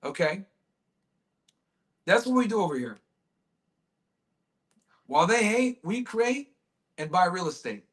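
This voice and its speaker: A man's voice: high-pitched, sing-song, unhurried, pauses often, a bit bright. A man hosting a livestream, talking to his chat in a brash, crude way with lots of swearing. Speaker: livestream host.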